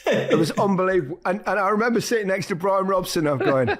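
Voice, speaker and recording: A man's voice: high-pitched, expressive, fast. A middle-aged man hosting a casual football podcast, chatty and laughing along, often restarting sentences. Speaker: podcast host. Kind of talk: casual chat.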